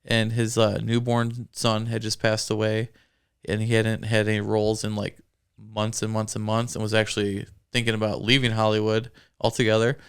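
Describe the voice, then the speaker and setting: A man's voice: on the low side, monotone, normal speed, smooth. A man co-hosting a casual movie review chat, laughing easily as he talks. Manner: chatty, laughs often. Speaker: podcast co-host.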